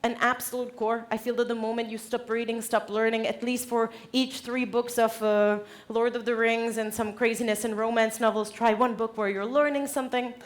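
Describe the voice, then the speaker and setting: A woman giving a conference keynote on stage, direct and lively, laughing often. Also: fairly high pitch, normal speed, hardly any pauses. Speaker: conference speaker.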